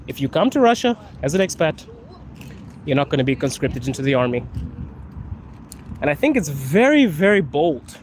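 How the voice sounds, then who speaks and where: Man, relaxed street-stream host with a mildly high voice, phone mic, light city noise. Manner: laid-back, laughs often, calls viewers bro. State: coughing from allergies. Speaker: live streamer answering viewer questions. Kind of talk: casual live-stream chat. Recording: faint street and traffic noise.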